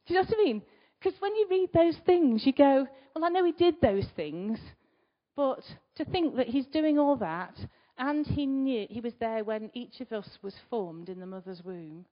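Chatty woman preaching. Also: fairly high pitch. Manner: chatty, asks the listeners rhetorical questions; swings between loud emphasis and quiet asides. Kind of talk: conversational sermon. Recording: slightly dull recording.

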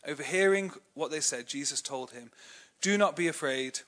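A man's voice: fairly high pitch, normal speed, a bit bright. A young English man preaching a sermon in a chatty, self-deprecating way, telling personal stories with many fillers. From England.

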